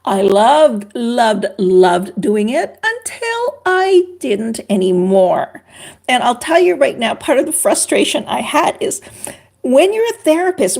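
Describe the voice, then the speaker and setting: Older woman from Canada, husky, high-pitched, livestream chat with viewers. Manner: animated, chatty, greets viewers by name. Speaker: relationship expert on a livestream.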